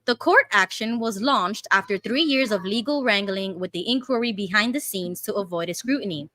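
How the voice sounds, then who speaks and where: Bright-voiced Canadian woman co-host. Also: medium pitch, no echo. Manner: reads carefully, admits she talks fast. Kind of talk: casual chat and reading a news article aloud.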